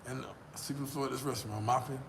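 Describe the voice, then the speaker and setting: An American man vlogging, telling a boastful, profane story in a casual, animated way. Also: mid-range voice, very fast, vocal fry, a little hiss or hum.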